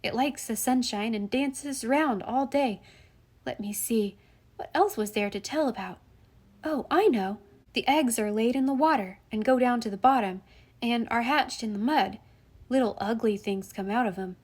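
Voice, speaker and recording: A woman's voice: fairly high pitch, normal speed, a little mellow, close to an everyday voice. A woman voicing an earnest young boy who eagerly tells what he saw of insects. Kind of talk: audiobook reading.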